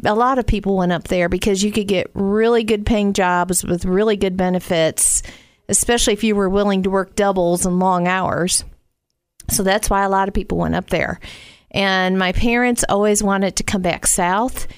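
Smooth-voiced middle-aged woman, chatty. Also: mid-range voice, steady tone, normal speed, no room sound, clean studio sound. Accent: mild Southern US. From Northwest Indiana. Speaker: guest. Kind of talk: casual conversation.

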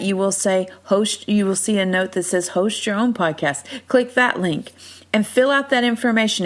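A middle-aged woman hosting a faith podcast, telling a heartfelt personal testimony and leading a prayer. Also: mid-range voice. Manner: earnest, heartfelt storytelling. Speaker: podcast host.

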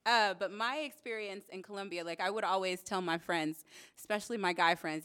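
A woman hosting a podcast, chatting casually in a lively, playful way. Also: medium pitch, moderate pace. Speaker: podcast host. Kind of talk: casual chat.

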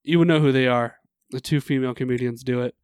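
A man's voice: medium pitch, fast talker, darkish tone, clear, resonant tone, no room sound, studio quality. A man in a casual chat, talking loosely and rambling as he searches for words.

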